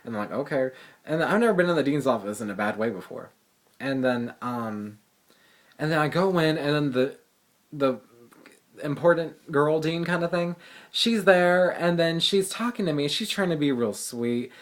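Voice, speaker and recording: In a voice on the high side at a normal speed, a teenage high school vlogger rants casually about something that happened. He sounds exasperated, swears, and retells it with energy.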